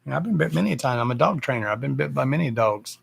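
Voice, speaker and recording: A man's voice: mid-range voice, animated, fast, gravelly, slightly rough. A man hosting a casual live stream, talking bluntly and with plenty of swearing, and breaking off to speak to his dogs. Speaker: live-stream host and dog owner.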